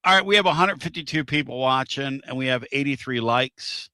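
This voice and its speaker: A male host rambles through a casual live-streamed talk show in a folksy, repetitive way. His voice is bright and forceful. The sound is dry and close. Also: mid-range voice, a little fast, clean tone, no echo. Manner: rambling, repeats himself, folksy.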